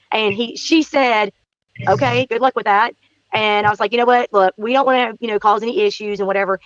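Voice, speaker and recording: A woman guest with a mid-range voice, speaking at a moderate pace, recounts a neighborhood encounter in casual, animated talk, acting out quotes and repeating phrases for emphasis. The recording is muffled, with no room sound.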